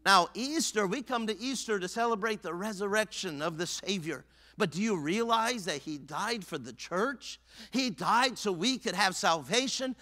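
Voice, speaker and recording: Male pastor, fervent sermon, high voice, long church reverb. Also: expressive, moderate pace. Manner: fervent, swings between loud exhortation and hushed earnestness. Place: church sanctuary.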